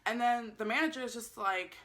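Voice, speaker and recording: A woman's voice: fairly high pitch, fairly quick, slight background noise. A young woman telling a casual storytime vlog, acting out the voices of the people in her story and swearing freely. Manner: animated, acts out quotes, swears freely. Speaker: vlogger.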